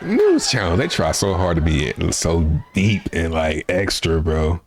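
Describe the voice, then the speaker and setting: Lively, laughing young man reacting to clips. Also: low voice, a little slow. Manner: joking, laughs often, slangy. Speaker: reaction video host. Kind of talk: casual commentary.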